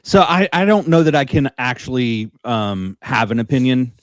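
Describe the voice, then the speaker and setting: A man's voice: medium pitch, lively intonation, normal speed, dry recording. A man co-hosting a podcast, chatting in an easygoing way with some hesitations. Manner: easygoing, talks about family life, some hesitations. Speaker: podcast co-host. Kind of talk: casual chat.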